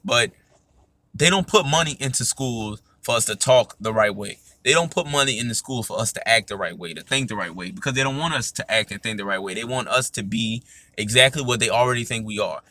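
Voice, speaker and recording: An emphatic man talks through a casual podcast monologue. His voice is bright and forceful, sits at a medium pitch, and is recorded close and dry. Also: fairly quick, no room sound. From United States. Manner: emphatic, repeats "you know what I'm saying". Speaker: podcast host.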